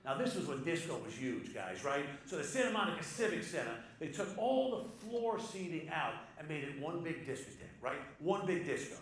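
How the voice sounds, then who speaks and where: A man telling a comic anecdote to a live audience, animated and punchy, building to loud excited peaks. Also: a little high, a little fast, hardly any pauses. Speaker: storyteller on stage. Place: live venue with audience laughter. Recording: echoey live hall with crowd noise.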